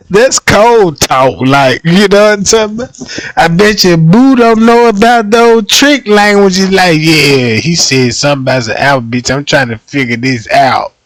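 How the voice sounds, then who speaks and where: A man riffs and laughs through a livestream reaction. His voice sits high and his delivery is unhurried. The sound is close and dry, with no room around it. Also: no echo. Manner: slangy, laughs often, acts out quick bits. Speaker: livestream host.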